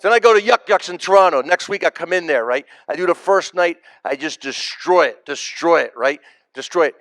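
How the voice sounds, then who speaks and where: This American comic's voice is fairly high, animated, fairly quick and fairly bright, in a dry recording. He tells stories as stand-up at a live memorial before an audience, emphatic and repeating key phrases for punch.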